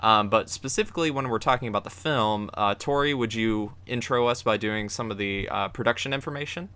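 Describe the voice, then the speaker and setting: A man's voice: fairly low pitch, brisk, bright, forceful tone, clean tone. A man co-hosting a podcast about anime, chatting casually and upbeat as he plugs the show. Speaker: podcast co-host.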